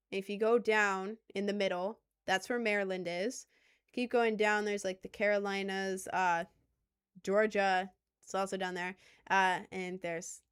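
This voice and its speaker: A woman's voice: medium pitch, clear, resonant tone. A woman streamer with an American accent tinged with a little Southern and New York, chatting casually and rambling with lots of fillers. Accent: General American with slight Southern and New York touches. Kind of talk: casual livestream chat.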